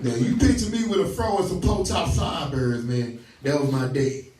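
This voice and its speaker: A man's voice: fairly high pitch, very animated, moderate pace, darkish tone, distant mic, faint music behind. A man leading a scripture study, preaching emphatically, stopping his reader to repeat and question each line and telling folksy stories. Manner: folksy, tells stories with laughs. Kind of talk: call-and-response preaching. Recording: roomy echo, voice from off the mic.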